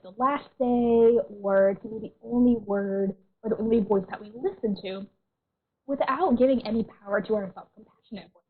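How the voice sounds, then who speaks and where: A woman counselor giving an online workshop in a gentle, reassuring way, often clearing a tickle from her throat. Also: fairly high pitch. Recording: tinny phone-like audio.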